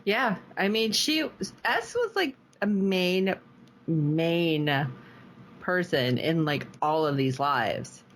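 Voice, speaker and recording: A woman with a low voice co-hosts a podcast and talks through a TV episode with animated, emotional energy. A faint noise sits under her voice. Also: slow pace. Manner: animated, emotional, laughing often. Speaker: podcast co-host. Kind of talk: casual episode recap chat.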